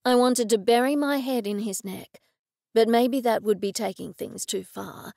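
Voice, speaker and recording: Woman narrating with a gravelly, close sound. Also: on the high side, moderate pace, darkish tone, dry recording. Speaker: audiobook narrator. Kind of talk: first-person audiobook narration.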